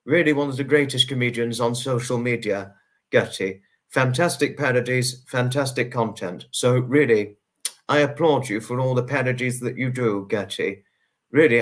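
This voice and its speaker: A man hosting a live stream, greeting viewers one by one and thanking them at length, repeating himself and drawing out names. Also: mid-range voice. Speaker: livestream host.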